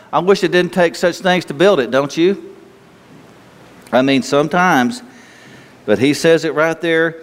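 A man preaching a conversational sermon, slightly hoarse with an itchy throat, asking his listeners questions in a folksy way. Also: on the high side, takes it slowly, pauses often. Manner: folksy, asks the listeners questions, laughs easily. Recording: long hall reverb.

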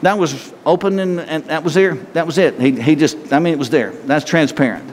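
Man preaching, high voice, conversational sermon, rhetorical questions, echoing hall. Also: very animated, fairly quick, few pauses. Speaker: pastor. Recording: long reverb hall, faint noise.

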